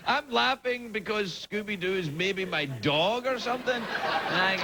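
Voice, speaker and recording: Male talk show host, slow, laughing through a comic monologue, lively pitch, noisy studio. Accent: Scottish. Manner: laughs often, rambling, playful. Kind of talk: comic monologue reading viewer mail. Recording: TV studio with loud audience noise. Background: audience laughter.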